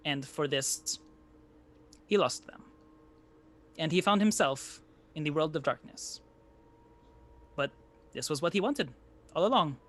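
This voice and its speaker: A man voicing a grandiose male traveling storyteller with a Sicilian Italian accent, reading a written tale aloud in a solemn, measured way. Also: fairly high pitch.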